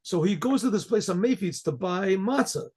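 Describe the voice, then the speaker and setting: A man, a rabbi, telling a folk story in a rambling way, often clearing his throat and restarting. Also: high voice, lively intonation, normal speed, mellow. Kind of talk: oral storytelling.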